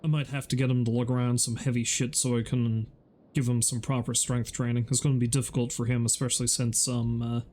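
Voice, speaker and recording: A man's voice: medium pitch, flat delivery, brisk, a little mellow, a little hiss or hum. Profane, self-mocking male game streamer. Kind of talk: casual gameplay commentary.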